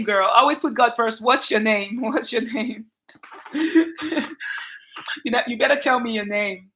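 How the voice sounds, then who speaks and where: A woman with a Nigerian accent hosting a casual livestream, greeting viewers by name in an emphatic, lively way. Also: mid-range voice, unhurried. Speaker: channel host.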